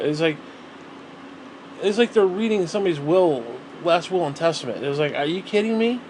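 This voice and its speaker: A man's voice: fairly high pitch, lively intonation, fairly quick, a little mellow, slight background noise. A man ranting alone in a vlog, rambling and exasperated, swearing constantly. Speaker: vlogger. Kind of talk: solo rant to camera.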